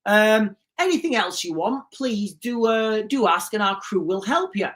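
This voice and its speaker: A fawning ferry operator with exaggerated politeness, as a woman mimics him. The voice leans a little higher and slows down as he lists off his offers. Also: animated, a bit bright. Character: overly obliging male ferry operator.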